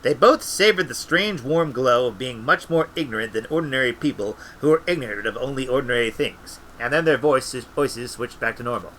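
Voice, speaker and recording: A man reading a story aloud in a relaxed way, with restarts and little asides. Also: mid-range voice, brisk, few pauses, slight background noise, poor audio. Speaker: audiobook reader.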